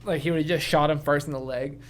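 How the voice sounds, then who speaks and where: A man's voice: a little high, fast talker. A man co-hosting a podcast in casual, profane, ranting chat. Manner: animated, swearing, ranting. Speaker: podcast co-host.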